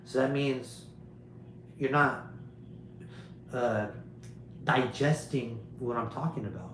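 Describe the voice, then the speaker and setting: A man's voice: mid-range voice, takes it slowly, a bit bright, reverberant, slight background noise, poor audio. A man hosting a livestream, delivering a rambling, preachy monologue to his viewers and repeating his points emphatically. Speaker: livestream host.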